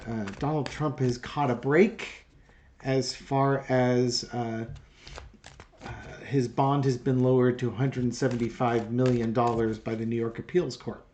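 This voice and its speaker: A man's voice: medium pitch, slow pace, mellow, a little hiss or hum. A man hosts his own tarot channel in a casual monologue. He is sarcastic and exasperated and rambles with plenty of fillers. His voice sits in a middling register. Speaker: tarot reader and channel host.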